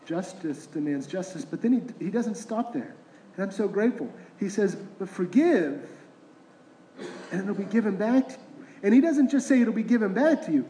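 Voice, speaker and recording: A man's voice: high voice, expressive, moderate pace, dark tone, a little hiss or hum. A middle-aged man, a pastor, preaching a conversational sermon full of rhetorical questions. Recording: roomy echoing hall.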